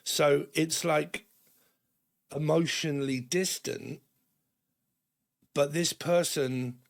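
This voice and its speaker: A British man giving a rambling, casual tarot reading to camera, tagging his points with "okay" and "right" and acting out quick quoted voices. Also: a little high, fairly even intonation, creaky. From Britain. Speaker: tarot reader.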